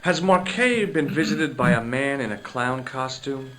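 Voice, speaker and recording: Wisecracking male detective in a game, dry and sardonic, animated pitch. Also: unhurried, slight background noise. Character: wry adult male detective, dry humor. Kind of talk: game narration and dialogue. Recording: game audio with faint music.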